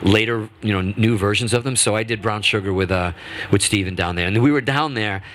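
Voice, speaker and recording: Deep-voiced man telling animated stories. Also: a little fast. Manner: animated, restarts often, acts out quotes. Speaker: guest musician. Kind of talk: casual interview storytelling. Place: radio studio.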